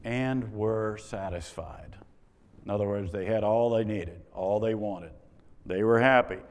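A man's voice: on the low side, fairly even intonation, moderate pace. A man preaching a sermon, with wry rhetorical questions and exasperated asides. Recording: long reverb of a large hall.

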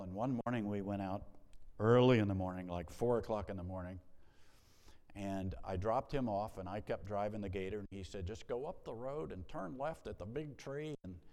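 A man preaching a sermon as pastor, telling stories and moving between hushed lines and emphatic rises. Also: medium pitch, big-room sound. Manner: storytelling, swings between soft hush and emphatic rises.

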